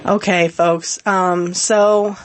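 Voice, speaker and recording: A woman's voice: on the low side, steady tone, extremely slow. A woman hosting a solo podcast, talking in a heartfelt, rambling way with many fillers and restarts. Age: adult with a young child. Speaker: podcast host. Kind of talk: casual solo podcast talk.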